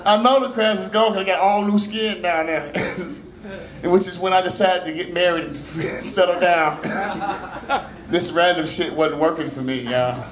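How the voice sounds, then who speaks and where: A man in his forties telling stand-up stories at an open mic in a small jazz club, laughing often and breaking into shouts. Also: high voice, a little slow, echoey room, poor audio. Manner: loose, laughing storytelling with shouted bursts. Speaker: stand-up comedian. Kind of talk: stand-up comedy set.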